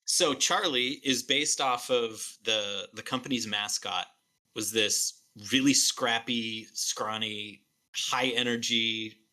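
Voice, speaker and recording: A man's voice: medium pitch, slow, sharp tone. A man co-hosting a film podcast, telling a behind-the-scenes story in a loose, rambling way with many fillers. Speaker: podcast co-host. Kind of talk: casual film podcast chat.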